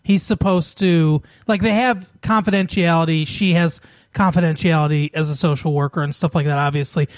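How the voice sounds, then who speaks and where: A man's voice: fairly high pitch, steady tone, moderate pace, no echo. A man co-hosting a podcast in casual chat, talking at length and often laughing as he retells scenes. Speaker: podcast co-host.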